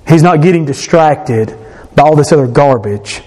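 A man preaching a sermon, building rhythmic lists and rising to passionate shouts. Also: a little high, moderate pace. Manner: impassioned, rising to shouts on climaxes.

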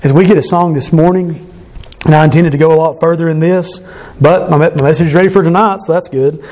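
A man delivering a sermon in an earnest, conversational manner. His speaking voice sits a little higher than most men's. He often breaks off and restarts his sentences as he goes. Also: fairly even intonation, quick pace, darkish tone, slight background noise. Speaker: pastor.

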